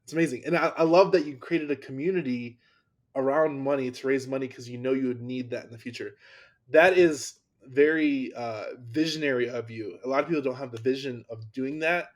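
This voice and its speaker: A man's voice: mid-range voice, moderate pace. A man hosting a podcast, talking enthusiastically and often restarting his sentences in casual conversation. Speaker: podcast host.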